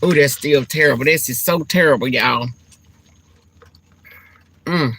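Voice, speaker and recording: A woman's voice: a bass voice, a little slow, vocal fry, slight background noise. A middle-aged woman, chatting casually to her viewers over lunch, calling them honey and child and laughing often. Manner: chatty, Southern-style endearments like honey and child; animated and laughing, church exclamations. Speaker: vlogger. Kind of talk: casual mukbang-style chat.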